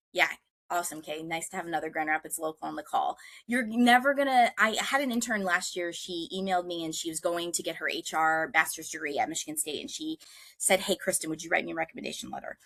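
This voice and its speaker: A woman talks casually to interns over a video call. She is chatty and animated and fills her pauses with "um", in a voice of ordinary pitch. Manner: chatty, animated, many ums. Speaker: workshop presenter. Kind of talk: casual online career talk.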